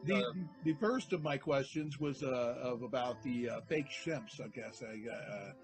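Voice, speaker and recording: A man hosting an interview, asking questions in a hesitant, halting way with many fillers. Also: medium pitch, faint music behind. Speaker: host.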